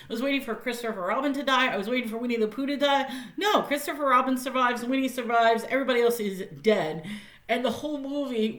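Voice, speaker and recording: A woman's voice: fairly high pitch, a bit bright. Chatty woman reviewing a film, roomy echo. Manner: chatty, laughs often, frequent fillers. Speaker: movie reviewer. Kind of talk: casual spoken movie review.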